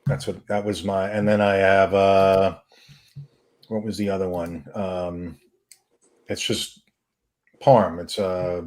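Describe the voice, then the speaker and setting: A man's voice: low voice, little pitch movement, slow, pauses often, a little mellow. A man with a New York accent co-hosting a casual chat, loose and trailing off. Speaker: co-host.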